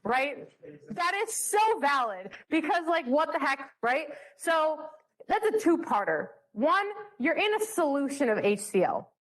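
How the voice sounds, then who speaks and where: Leading a chemistry study session in a teaching setting, a young woman stays bubbly and jokey, often mocking herself. She speaks in a high, sing-song voice without hurrying.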